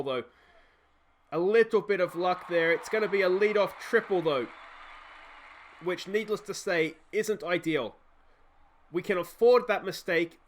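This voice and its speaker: An Australian man giving excited play-by-play commentary as he plays a baseball game, getting loud on big hits. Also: a little high. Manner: fan-style play-by-play, shouting on big hits. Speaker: let's play host.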